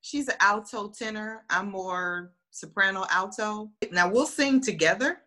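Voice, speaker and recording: A woman's voice: medium pitch, measured pace. A woman telling funny stories in a casual chat, acting out quoted voices. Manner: lively, animated, acts out quoted voices. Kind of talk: casual storytelling.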